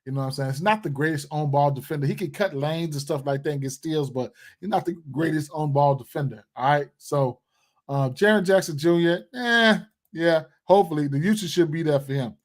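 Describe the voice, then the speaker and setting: A man's voice: fairly high pitch, brisk. A man hosting a live sports betting stream, talking in a slangy, rambling way and chatting with his viewers. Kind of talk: casual live stream chat.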